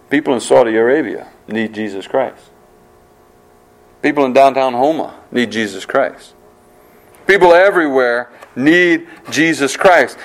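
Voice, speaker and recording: A man preaching a sermon, earnest and repetitive, slowing down on key phrases for emphasis. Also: medium pitch, low-quality recording. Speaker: pastor.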